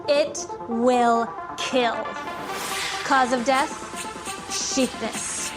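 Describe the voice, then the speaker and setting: A smug, scheming magazine editor who delivers her pitch in a high voice at an unhurried pace. It is a film clip with clear music running underneath.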